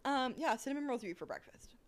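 An American woman in a laid-back podcast chat. She speaks in a relaxed, dry way, often pausing on an um before going on. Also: high-pitched. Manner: relaxed, dry, with frequent ums. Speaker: podcast co-host. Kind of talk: casual chat.

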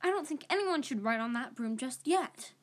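A serious, worried teenage girl witch, voiced by a woman reader, earnest and questioning. She speaks a little high and carefully. It comes from an amateur audiobook reading. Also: lively intonation, moderate pace.

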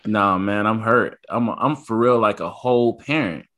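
A man's voice: lowish voice, moderate pace, pushed and bright. A man in his thirties, a podcast co-host, telling a family story in casual chat and acting out his son's lines.

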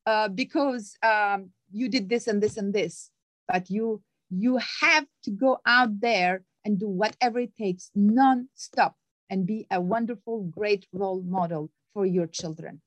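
A woman's voice: a little slow, no echo. Emphatic motivational woman, dry sound. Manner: acts out quoted voices with big pitch jumps. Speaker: guest author. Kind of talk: conversational interview.

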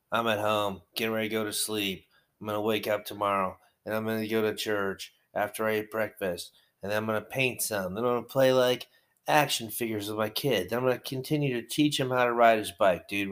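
A slightly low-voiced man rambles at home about his hobby and life. He talks loosely and conversationally, drifting into profane rants along the way. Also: fairly bright tone. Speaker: hobby wargaming vlogger. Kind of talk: rambling casual monologue.

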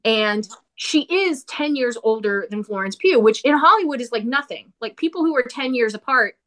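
A woman talking casually about a movie she watched, animated and opinionated, with quick asides. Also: a little high. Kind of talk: casual movie review chat.

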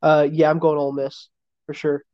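A man's voice: a little high, monotone, moderate pace, clear, resonant tone, dry recording. Drowsy male co-host, off-mic and muffled, dry sound. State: sleepy, yawning. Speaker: podcast co-host. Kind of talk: casual sports podcast chat.

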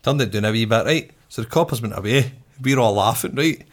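A man's voice: mid-range voice, a little fast. A man telling a sweary anecdote in casual chat, acting out the voices of the people in it. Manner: animated anecdote telling, acts out quoted voices, sweary, laughs often.

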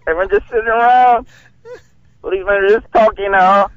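A man calling in by phone while walking out of a concert, excitable and rambling, laughing often. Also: high-pitched, fairly quick. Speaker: caller. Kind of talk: phone call from outside a concert. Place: outdoors leaving a concert. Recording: dull lo-fi phone line.

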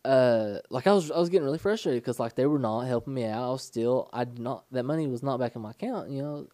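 A young man co-hosting a podcast, telling rambling stories in casual chat with halting restarts. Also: medium pitch, mellow, no room sound. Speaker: podcast co-host.

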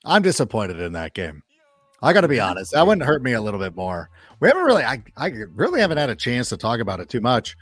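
Animated man telling sports stories in a studio. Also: mid-range voice, quick pace, husky, no room sound. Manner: animated storyteller, acts out quoted remarks, swears freely. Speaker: guest football analyst. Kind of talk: casual sports chat.

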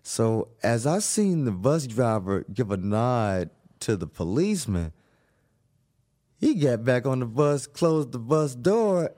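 A man telling a wild personal story in an animated way, acting out the voices of the people in it, swearing and laughing often. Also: medium pitch, a little slow. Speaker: guest telling his story.

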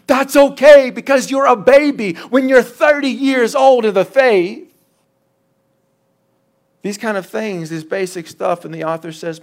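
A man preaching a sermon in a folksy, animated way, acting out the lines he quotes. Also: very high-pitched, normal speed. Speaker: pastor.

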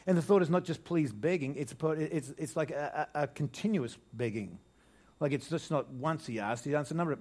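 Older preacher with a higher voice. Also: male voice, fairly quick, a little mellow. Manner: informal, repeats and restarts phrases, asks the congregation rhetorical questions. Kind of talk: conversational sermon. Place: church, speaking to a congregation.

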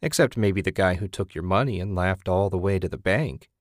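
A wry, needling wife in a spoken story, read by a man in a fairly low voice. Her teasing lines come across dry and close to the mic, with no room sound around them. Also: brisk, dry recording. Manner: sarcastic, needling. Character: wry, teasing married woman.

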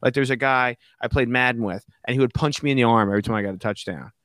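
A man's voice: mid-range voice, very fast, no room sound, studio quality. A man, a podcast guest, telling a prank story in casual chat and acting out the voices of the people in it. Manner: animated storyteller, acts out quoted voices.

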